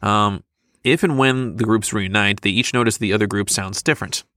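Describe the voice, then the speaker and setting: A man's voice: lowish voice, normal speed, fairly bright tone, no room sound, clean studio sound. A man co-hosting a podcast in casual chat, chatty and laughing often, with many fillers. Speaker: podcast co-host.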